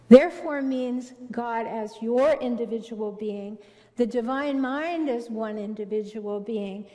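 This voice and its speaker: A middle-aged woman giving a spiritual talk on relationships to an audience, telling stories with gentle emphasis. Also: a little high. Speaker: relationship speaker. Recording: long hall reverb.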